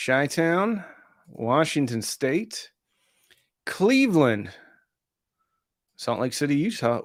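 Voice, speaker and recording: A man's voice: mid-range voice, no room sound, studio quality. A man hosting a live stream, casually reading out viewer comments and answering them. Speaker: host of an audio gear channel.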